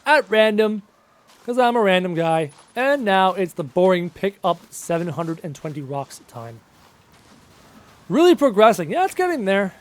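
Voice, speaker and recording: High-voiced male game streamer. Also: very animated, normal speed. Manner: reads viewer questions aloud and answers them chattily; hums little tunes to himself between thoughts. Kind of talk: casual live stream Q&A while playing.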